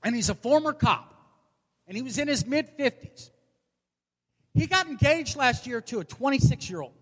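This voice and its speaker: A man's voice: extremely high pitch, animated, normal speed, pauses often. A man in his forties doing a stand-up comedy set, delivering brash, profane, self-mocking punchlines. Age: 40s. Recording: long hall reverb.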